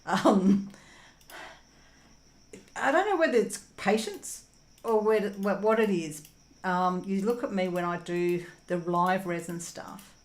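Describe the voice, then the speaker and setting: A woman's voice: medium pitch, takes it slowly, long pauses. Chatty Australian woman in an echoey room. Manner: chatty, rambling, with frequent ums and laughs. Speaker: crafting channel host. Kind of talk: casual chat reading viewer comments. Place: home room while diamond painting.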